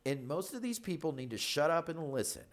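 A man's voice: on the high side, sing-song, a little fast. A man co-hosting a faith podcast, talking bluntly and emphatically, often repeating himself. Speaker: pastor and podcast co-host.

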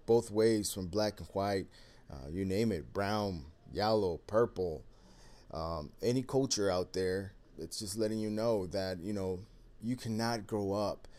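A man's voice: fairly low pitch, mellow. Rambling, easygoing male video host. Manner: rambling and loose, heavy on "man", "you know" and "uh". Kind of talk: casual monologue commentary.

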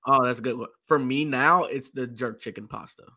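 Brief: hoarse male co-host, bright forceful tone, excitable fan energy. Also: medium pitch, fairly quick. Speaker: podcast co-host. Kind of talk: casual chat.

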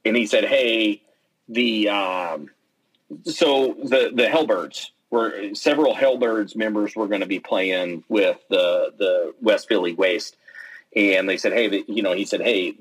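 Brief: male guest, low husky voice, chatty storyteller acting out quotes. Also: unhurried, rough recording. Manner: animated storytelling, acts out quotes, many fillers and restarts. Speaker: interview guest, pennant maker and player. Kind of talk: casual storytelling in an interview.

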